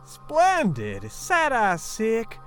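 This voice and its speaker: A man's voice: very high-pitched, huge pitch swings, drawn-out words, a bit bright, soft background music, pitched above the performer's own voice, heavily acted. A man playing an eager, folksy, old-fashioned angel-like helper in a put-on accent in a comedy sketch.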